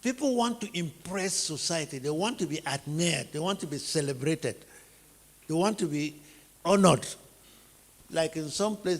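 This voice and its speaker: Nigerian man, sermon-style teacher, rough husky voice, fairly high, booming reverb of a big hall. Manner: rhetorical questions, emphatic repeated phrases. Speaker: teacher preaching on family life.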